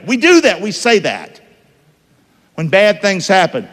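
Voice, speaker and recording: A male preacher, folksy and animated, keeps quizzing his church. His voice sits a bit high and bounces through a wide range. The sound rings with the long reverb of a big hall. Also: a little slow. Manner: folksy, asks the congregation questions, swings between loud and hushed. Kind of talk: sermon.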